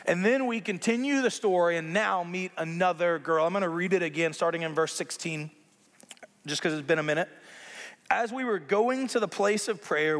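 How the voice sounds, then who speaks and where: A man preaching a sermon as pastor, conversational and animated, with playful asides to the congregation. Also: fairly high pitch, big-room sound.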